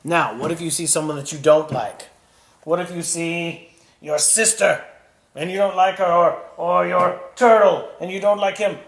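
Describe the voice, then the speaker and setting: A man teaching children a puppet drama lesson, gentle and encouraging as he demonstrates. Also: a little high, steady tone, moderate pace, gravelly.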